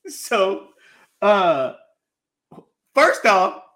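A man's voice: high voice, very animated, extremely slow, fairly bright tone. A man hosting a casual sports podcast, talking with many fillers and restarts and laughing often. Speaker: podcast host.

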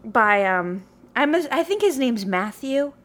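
A woman's voice: on the high side, big pitch swings, measured pace, fairly bright tone. A young woman co-hosting a casual chat podcast, laughing often as she talks. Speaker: podcast co-host.

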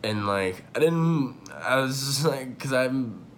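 A man's voice: mid-range voice, expressive, takes it slowly, slight background noise. A young man telling a long personal story in a casual, rambling way, full of fillers and swearing, at home. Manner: rambling, profane, filler-heavy with many likes. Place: home room.

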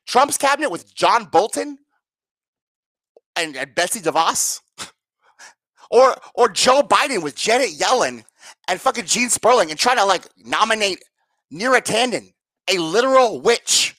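A woman's voice: medium pitch, animated, measured pace, pauses often, fairly bright tone, dry recording. A woman ranting to her viewers as a political commentator, sarcastic, profane and exasperated. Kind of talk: angry political rant to viewers.

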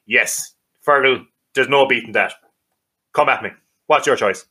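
Boisterous Irish man with a bright voice. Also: medium pitch, normal speed, breathy edge. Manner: boisterous, swearing, laughs often. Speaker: podcast co-host. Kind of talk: casual banter.

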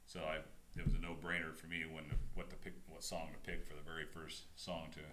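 A middle-aged man with a deep voice co-hosting a casual podcast chat, joking around and rambling with lots of fillers. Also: level tone, fast, roomy sound, noisy background. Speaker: co-host.

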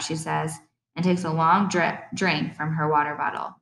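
A woman narrating an audiobook in the first person, expressive and reflective. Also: lowish voice, moderate pace, gravelly.

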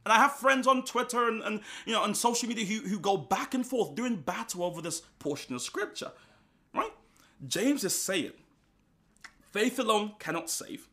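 Aussie pastor guy preaching, kinda high voice, super animated, bright and punchy. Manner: animated, emphatic, with quick restarts and asides. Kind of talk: sermon.

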